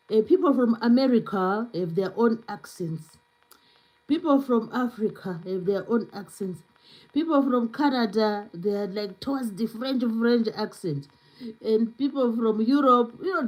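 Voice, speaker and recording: A woman's voice: fairly high pitch, a little mellow, rough recording. A woman hosting a casual live stream, chatting freely with lots of "you know"s and answering viewer comments as she goes. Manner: chatty, filler-heavy with many "you know"s.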